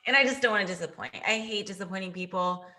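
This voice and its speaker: A young woman in casual podcast chat about competing, chatty and animated, acting out what other people say. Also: mid-range voice, fast talker. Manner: chatty, animated, acts out quoted voices. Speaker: podcast guest, bikini competitor.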